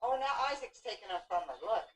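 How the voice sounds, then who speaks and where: A woman's voice: medium pitch, animated, fast talker, slight background noise. A woman filming her small children at home, talking to them in a playful, coaxing way. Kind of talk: home video chat. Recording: roomy home video from far off.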